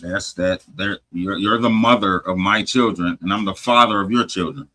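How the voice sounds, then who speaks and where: A man hosting a podcast, retelling a story in casual profane talk, animated, swearing heavily and restarting often. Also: deep voice, moderate pace, low-quality recording. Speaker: podcast host.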